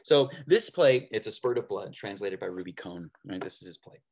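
A man with a somewhat low voice delivers a recorded lecture on theater. His delivery is loose and conversational, dotted with fillers and little "right?" check-ins. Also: animated, moderate pace.

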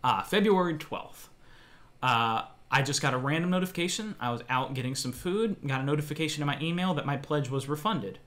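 A man's voice: fairly high pitch, a little fast. A young man vlogging a frustrated account of a dispute with a company, reading out the messages he traded with them. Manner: frustrated, reads out messages in a flat quoting tone. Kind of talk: ranting account of a customer dispute.

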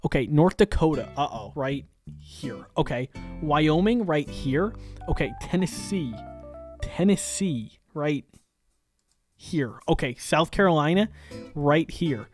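A woman from New York giving excited gaming commentary, exclaiming often and talking straight to her viewers. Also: low voice, takes it slowly, soft background music. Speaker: gaming creator.

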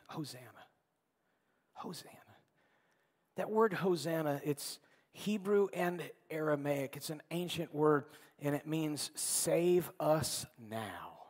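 A man preaching a fervent sermon as pastor in a church, swinging between loud calls and hushed, quiet lines. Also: a little high, big-room sound. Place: church sanctuary.

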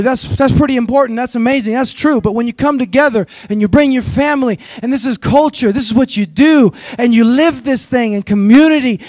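A man preaching with a strikingly high voice, urging the congregation to answer him back. His delivery climbs into shouts at its peaks. The sound is dry and close. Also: dry recording. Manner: exhorting, call-and-response with the congregation; storytelling with rising, shouted peaks. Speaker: pastor. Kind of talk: sermon.

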